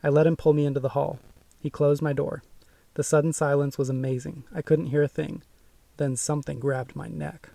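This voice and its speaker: Gravelly man narrating a spooky audiobook. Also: fairly high pitch, little pitch movement, mellow, no room sound, recorded from a distance. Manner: measured, suspenseful storytelling. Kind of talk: first-person audiobook narration.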